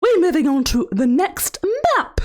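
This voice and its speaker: A woman's voice: high voice, animated, measured pace, a little mellow. A woman streamer playing a creepy, sing-song female children's show host who sounds sweet and then swears, in a livestream role-play. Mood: mock-sweet. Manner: sing-song, mock-sweet, sudden profane outbursts.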